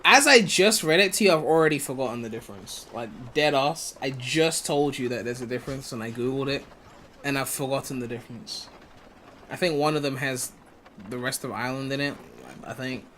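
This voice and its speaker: A man's voice: mid-range voice, fairly quick, sharp tone, a little hiss or hum. A young man from the UK with a mixed British and West African accent, casually rambling and swearing as he streams a game. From United Kingdom. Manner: laid-back, swears freely, rambling asides. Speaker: gaming streamer. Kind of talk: casual live-stream commentary.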